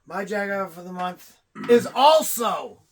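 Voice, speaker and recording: A man co-hosting a podcast in casual banter, teasing his partner and breaking into loud outbursts. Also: high voice, expressive, a little slow. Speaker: podcast co-host.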